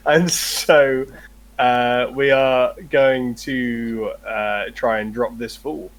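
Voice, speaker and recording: A man playing a tabletop game, talking in a jokey, unhurried way. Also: mid-range voice, fairly even intonation, poor audio. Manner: jokey, slow. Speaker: player.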